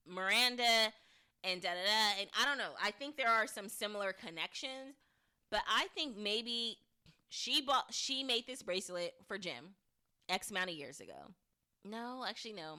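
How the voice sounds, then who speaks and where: This podcast host is a woman with a smooth, medium-pitched voice. Recapping an episode in a relaxed, chatty way, she thinks out loud and restarts often, livening things up by performing the characters' lines.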